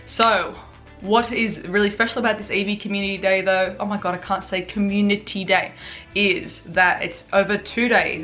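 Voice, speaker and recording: Bubbly, tired woman vlogger. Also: medium pitch. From Australia. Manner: bubbly, excitable, chatty with fillers. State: tired, awake for many hours. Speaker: gaming YouTuber. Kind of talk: casual news vlog.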